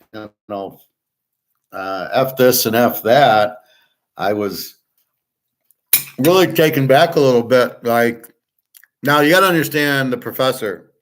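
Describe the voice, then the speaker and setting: A man's voice: mid-range voice, fairly bright tone. A middle-aged man hosting a sports betting show, talking casually in a blunt, profane, rambling way with many fillers. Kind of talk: casual monologue.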